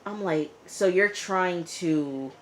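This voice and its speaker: A female TV reviewer recaps an episode in a fairly low but fairly bright voice, speaking slowly, with a little hiss or hum in the audio. Her casual, chatty retelling leans on "you know" and "like," and she responds to the characters as she goes.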